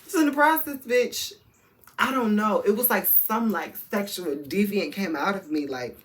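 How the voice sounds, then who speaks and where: A man's voice: sits high, moderate pace, a bit bright. A man vlogging a candid storytime, campy and sassy, speaking straight to his viewers in loose slang. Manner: campy, sassy, full of slang and frank talk to the audience.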